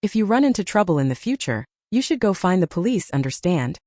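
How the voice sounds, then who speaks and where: A woman's voice: fairly low pitch, very animated, fairly quick, dark tone, dry recording, studio quality. A woman voicing a police officer giving a perfunctory lecture. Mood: stern.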